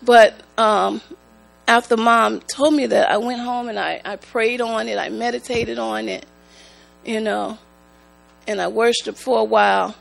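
A woman giving a church testimony, speaking in a slow, halting, emotional way. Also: a little high, vocal fry, poor audio. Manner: slow, halting, emotional, prone to rising excitement. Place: church sanctuary. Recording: mains hum in the background.

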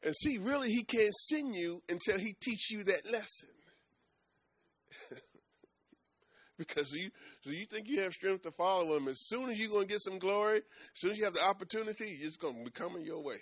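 Male preacher, bright lively delivery, dry close recording. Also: sits high, a little fast, dry recording. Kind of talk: sermon.

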